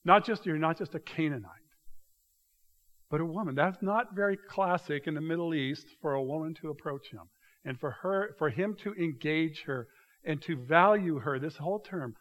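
A pastor giving a conversational sermon, animated and full of restarts, speaking to a church congregation. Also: male voice, fairly high pitch, moderate pace.

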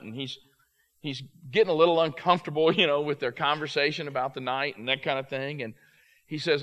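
A man preaching through a story, animated and acting out the characters, with frequent halting restarts. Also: on the high side, lo-fi sound. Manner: halting restarts, repeated words. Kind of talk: sermon storytelling.

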